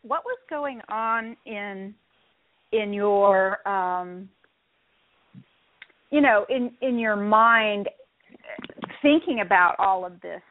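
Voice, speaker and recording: Gentle woman host on a phone line. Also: mid-range voice, extremely slow, long pauses, no echo. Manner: gentle, searching questions. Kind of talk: interview host. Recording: tinny phone-line radio sound.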